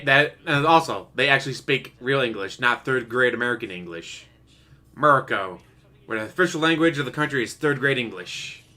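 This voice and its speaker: A man's voice: medium pitch, bright, forceful tone. A man giving sarcastic, joking live-stream commentary from a home setup and laughing at his own jokes. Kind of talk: casual livestream commentary. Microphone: desktop USB microphone.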